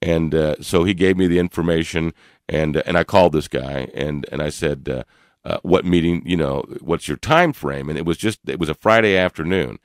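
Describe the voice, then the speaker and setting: An older man co-hosting a radio talk show, telling a personal story in an animated way with frequent laughs and fillers. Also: very deep voice, moderate pace, no echo, studio quality. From Louisville, Kentucky area. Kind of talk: storytelling in casual chat.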